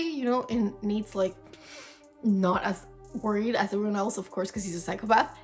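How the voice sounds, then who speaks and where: A woman's voice: mid-range voice, a little fast. A young woman vlogger telling a story in casual, dramatic chat, swearing freely. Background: faint background music.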